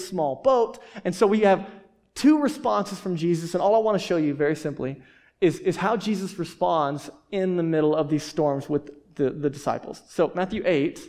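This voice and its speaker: A pastor delivers his sermon in a relaxed, chatty way, sounding more like a conversation than a lecture. His voice sits high for a man, and he keeps asking his listeners questions. He often repeats a word or two as he restarts a thought.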